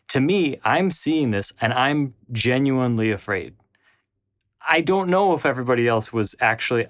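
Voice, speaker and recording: A man's voice: medium pitch, no echo. Man retelling a personal story, dry close sound. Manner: rambling, with frequent restarts and acted-out quotes. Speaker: channel host.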